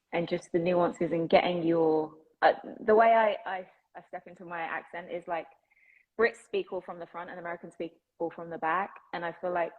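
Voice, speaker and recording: An English actress answering interview questions, bubbly and quick to laugh as she talks. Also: lowish voice, phone-quality sound. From England. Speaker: actress, guest. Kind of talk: interview conversation.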